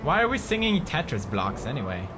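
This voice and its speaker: Excitable gamer man, lively voice. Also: fairly high pitch, fairly quick, background noise. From Sweden. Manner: playful, excitable, talks to his game companion. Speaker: gaming host. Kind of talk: casual let's-play commentary. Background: game music.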